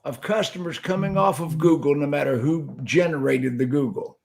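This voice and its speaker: Older male interviewer, high and gravelly, blunt and probing. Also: moderate pace, crowd noise. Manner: blunt, probing questions with repeated restarts. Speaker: host. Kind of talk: casual interview talk.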